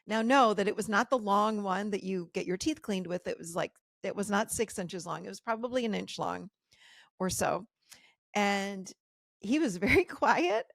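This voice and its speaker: A woman hosting a podcast, telling a personal story in an animated way, her voice jumping high when she quotes her own shock. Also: vocal fry, no room sound, clean studio sound. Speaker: podcast host.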